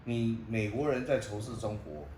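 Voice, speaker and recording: Earnest moralizing man, low-pitched, echoey room with faint noise. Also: expressive, moderate pace, darkish tone. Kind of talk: casual interview answer.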